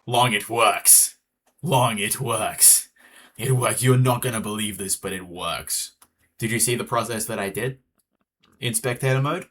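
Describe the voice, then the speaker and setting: A man's voice: lowish voice, unhurried, fairly bright tone, slightly rough. An Australian man chatting casually with viewers while streaming a game, rambling as he talks. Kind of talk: casual live gameplay chat.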